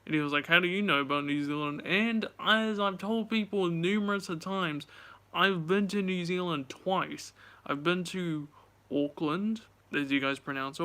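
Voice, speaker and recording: Young male vlogger, casual storytelling, fairly high, bright and clear voice. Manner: chatty, swears, retells dialogue animatedly.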